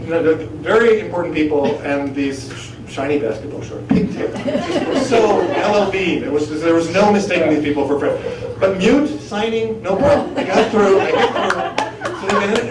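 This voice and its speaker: A man's voice: sits high, heavy background noise. A man, a college professor, telling a story on stage to a live audience, acting out his own and others' lines and slipping into fluent French. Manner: animated, acts out dialogue, switches into fluent French. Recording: roomy live venue, distant mic, crowd laughter.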